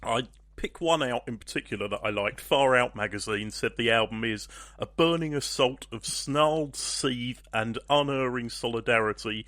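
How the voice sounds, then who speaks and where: Male interviewer, mid pitch, dry close-miked sound, friendly and brief. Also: moderate pace, hardly any pauses, fairly bright tone, no room sound. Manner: friendly, reads quotes aloud, brief remarks. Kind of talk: interview questions.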